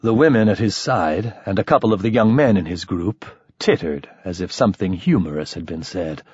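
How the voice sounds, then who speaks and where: A man narrating a first-person story in an expressive, lively manner. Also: deep voice, normal speed, slightly rough, dry recording, dull audio. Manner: expressive, shifting voices for characters. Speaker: audiobook narrator.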